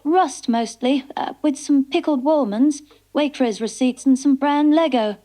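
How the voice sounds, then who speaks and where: A genteel, fussy hostess, played by a woman, speaking in a coy and prim way. Her voice sits high but sounds soft and dark. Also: unhurried.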